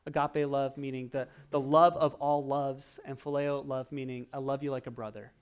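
A man preaching a sermon, animated, swinging from loud emphasis to hushed, quiet asides. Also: mid-range voice, normal speed, clear, resonant tone. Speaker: pastor.

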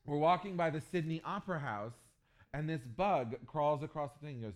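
Man preaching an animated sermon. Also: on the high side, a little fast. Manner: animated storytelling with jokes and sudden loud bursts. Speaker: pastor.

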